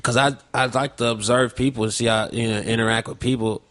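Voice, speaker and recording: A man's voice: medium pitch, fairly even intonation, a little fast, fairly bright tone. A man hosting a podcast, talking in casual chat with a loose, profane, rambling way of telling stories. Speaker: podcast host.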